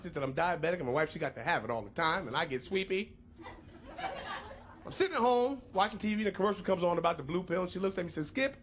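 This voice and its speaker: High, lively male stand-up comic. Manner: playful, punchy, drawn-out punchlines. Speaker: stand-up comedian. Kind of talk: stand-up comedy set. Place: comedy club stage. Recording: live club crowd and noise.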